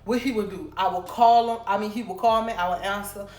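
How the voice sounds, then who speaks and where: A young woman vlogger telling a casual storytime, animated and chatty, talking straight to her viewers. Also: medium pitch, fairly quick. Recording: roomy room with faint background noise.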